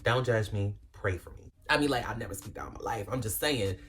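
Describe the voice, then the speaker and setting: A woman's voice: very deep voice, a little fast, crowd noise. Dramatic, foul-mouthed young woman storyteller. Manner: dramatic, swears freely, self-mocking. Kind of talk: casual storytime.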